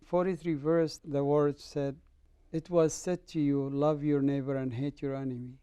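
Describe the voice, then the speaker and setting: A man's voice: on the high side, normal speed, clear, resonant tone, dry recording, studio quality. A middle-aged man from the Middle East, a guest telling his conversion story in an interview and acting out the dialogue. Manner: animated storyteller, acts out dialogue. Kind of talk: personal testimony in an interview.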